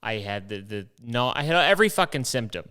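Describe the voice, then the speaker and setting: A young man talks in a loose, rambling monologue, swearing freely and poking fun at himself. His voice is smooth and clear, sitting at a middling pitch for a man. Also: sing-song, fairly quick, bright, forceful tone. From New York. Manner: profane, self-deprecating, rambling storyteller. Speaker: podcast host.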